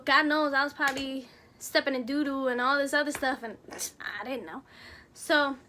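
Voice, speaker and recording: Brief: young woman vlogger, high voice, lively slangy storyteller. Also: slight background noise. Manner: animated, slangy storytelling, acts out quotes. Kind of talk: casual storytime.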